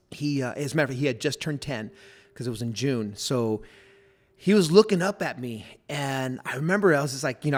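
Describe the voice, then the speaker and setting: Middle-aged male pastor, podcast guest; earnest, filler-heavy testimony, mid pitch, sometimes goes soft and hushed. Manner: earnest storytelling with many fillers. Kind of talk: personal testimony in a podcast interview.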